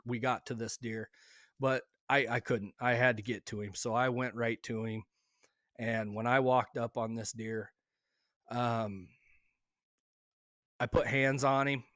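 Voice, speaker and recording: A man of middle pitch tells a personal story in a casual, halting way. He is emotional and often restarts mid-sentence. The sound is dry and close, with no room around it. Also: fairly bright tone, dry recording. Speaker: hunter telling his story.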